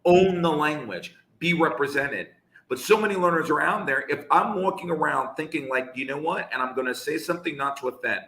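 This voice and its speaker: A man's voice: on the high side, brisk, bright, forceful tone. Passionate echoey man in his fifties. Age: 50s. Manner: passionate, emphatic, repeats points for effect. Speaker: show host. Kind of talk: live discussion.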